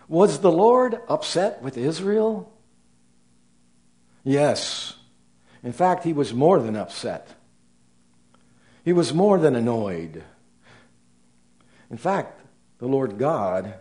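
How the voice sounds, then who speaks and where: Slow, deliberate older male preacher. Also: mid-range voice. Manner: slow, deliberate delivery with rising emphasis and soft trailing phrase ends. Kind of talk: sermon.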